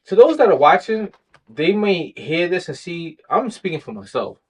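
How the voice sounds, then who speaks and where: A man's voice: sits high, sing-song, normal speed, a little mellow, slightly rough, rough recording. A man co-hosting a casual podcast chat, talking bluntly and profanely with lots of animation. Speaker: podcast co-host.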